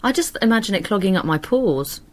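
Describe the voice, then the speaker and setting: A woman's voice: mid-range voice, lively intonation, fairly quick. A woman co-hosting a radio show, chatting and giggling through studio banter. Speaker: radio co-host.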